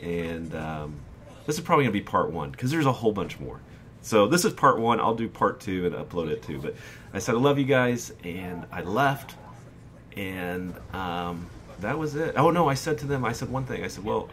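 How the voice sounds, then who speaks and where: A young man with a low voice tells a personal story in a relaxed, candid way while playing a video game. He slips into quoted dialogue and his voice lifts with feeling. A faint hum sits under the recording. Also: moderate pace. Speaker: gaming YouTuber. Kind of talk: casual storytelling over gameplay.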